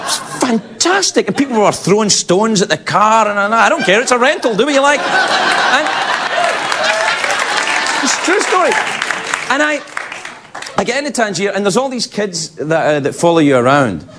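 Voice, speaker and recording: A man's voice: high voice, lively intonation, moderate pace, long pauses, over a noisy crowd. A man with a Scottish accent telling a rambling comic anecdote on a talk show, laughing through his lines. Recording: live studio with audience laughter and noise. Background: studio audience.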